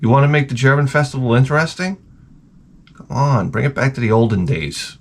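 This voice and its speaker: A man telling a comedic rant in a lively, swearing storytelling manner, in a garage workshop. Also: mid-range voice, a little fast. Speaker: video host.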